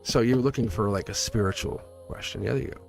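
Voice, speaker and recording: A man's voice: fairly low pitch, fast, gravelly, darkish tone, faint music behind. A man reading tarot on a livestream, talking to his viewers in a loose, rambling way with frequent chuckles. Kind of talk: casual livestream chat.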